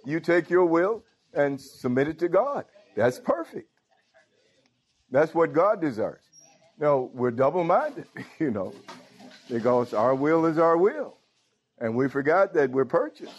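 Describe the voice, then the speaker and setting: A man's voice: a little high, sing-song, measured pace, husky, lo-fi sound. A pastor preaching a sermon. He talks informally and keeps calling out to his congregation. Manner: informal preaching with frequent call-outs to the congregation. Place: church.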